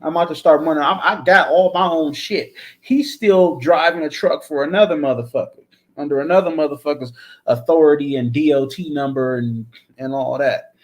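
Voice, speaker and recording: A man's voice: a little high, normal speed. A man hosting his own channel, ranting in a blunt, profane, repetitive way. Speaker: channel host. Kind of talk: casual ranting commentary.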